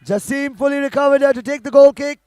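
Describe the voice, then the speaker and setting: A man giving live play-by-play commentary on a football match, calling passes quickly and rising to shouts at goals. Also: extremely high pitch, steady tone, dry recording, some chatter behind.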